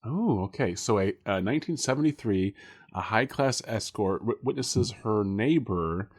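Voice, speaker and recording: A man's voice: fairly low pitch, lively intonation, moderate pace. A man co-hosting a casual podcast chat, laughing often and rambling with lots of fillers. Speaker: podcast co-host.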